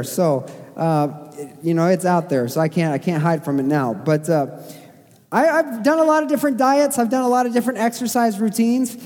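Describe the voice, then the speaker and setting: Male pastor, high and soft-toned, casual sermon delivery with filler-heavy asides, recorded in a long-echo church hall. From Missouri. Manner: conversational preaching, self-deprecating asides, frequent fillers.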